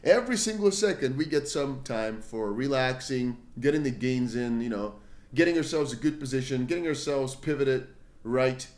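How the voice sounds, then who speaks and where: A man hosts a relaxed crypto livestream and talks off the cuff. He rambles from point to point in a slangy way, often calling his viewers bro or brother. He reads out their comments and answers them as he goes. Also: mid-range voice, moderate pace. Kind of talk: casual livestream chat.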